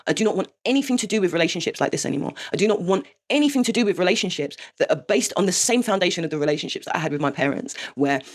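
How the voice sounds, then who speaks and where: Brief: woman, vlog confessional, rapid and blunt, curses freely. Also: fairly low pitch. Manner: frank and swearing, with rueful laughs. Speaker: vlogger. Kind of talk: candid confessional monologue.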